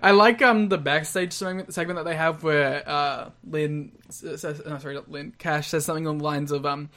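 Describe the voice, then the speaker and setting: A man's voice: on the high side, fairly even intonation, normal speed, a bit bright. A man co-hosting a casual wrestling review chat, giggly and blunt, swearing casually. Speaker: podcast co-host.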